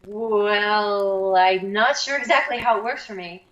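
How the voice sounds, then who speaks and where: A woman's voice: mid-range voice, a little slow, fairly bright tone. A woman guest artist in an interview, talking casually and hesitantly while she searches for words. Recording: dull, lo-fi sound.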